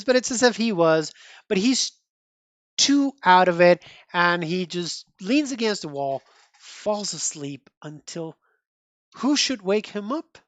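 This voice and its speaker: A woman's voice: on the low side, dry recording. Chatty woman reviewing comic books. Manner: chatty, with repeated restarts and asides. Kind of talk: casual comic review chat.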